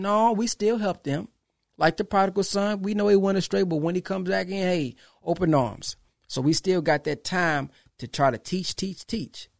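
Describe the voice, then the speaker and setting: A man's voice: sits high, vocal fry, no echo, clean studio sound. A man hosting his own podcast, speaking in an emphatic, preachy way, repeating phrases and acting out quoted exchanges. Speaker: podcast host. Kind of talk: casual monologue to followers.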